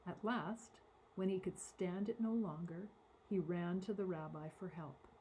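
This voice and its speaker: A woman reading a story aloud to children in an animated, dramatic way, giving voices to the characters. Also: lowish voice, measured pace, background noise. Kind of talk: expressive read-aloud storytelling.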